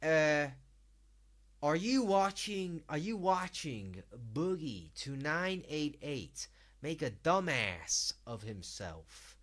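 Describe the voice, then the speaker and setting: A man's voice: on the high side, very animated, takes it slowly, fairly bright tone, heavily acted. A British man putting on a hammy, folksy American cowboy drawl. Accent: put-on American Southern drawl.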